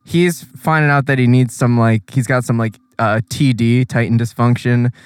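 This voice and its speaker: A man's voice: medium pitch, fairly even intonation, normal speed, clear, resonant tone, no room sound, clean studio sound. A man co-hosting a podcast, chatting casually and profanely about an anime episode, laughing often and acting out quotes. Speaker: podcast co-host. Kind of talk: casual anime recap chat. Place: in a car.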